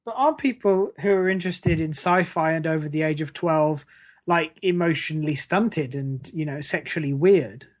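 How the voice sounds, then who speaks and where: A man's voice: fairly high pitch, normal speed. A man co-hosting a comedic podcast, teasing and provoking with devil's-advocate questions. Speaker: podcast co-host.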